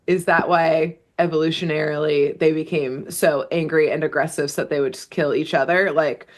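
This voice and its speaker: Woman cohost, fairly low voice, wry little reactions and laughs. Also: steady tone, normal speed. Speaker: podcast co-host. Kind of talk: casual chat.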